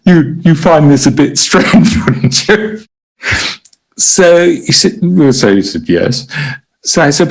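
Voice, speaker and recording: A man's voice: a little high, wildly swooping pitch, slow pace, pauses often, slightly rough, poor audio. An older man, a former prison doctor on a podcast, telling stories hesitantly with frequent restarts and laughter. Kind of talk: conversational interview anecdotes.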